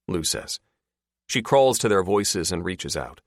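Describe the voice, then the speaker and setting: A man reads an audiobook in a lowish voice with lively, varied intonation. He narrates in scripted style and does every character himself. The sound is dry and close. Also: measured pace, vocal fry, no room sound. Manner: plays all the characters' voices.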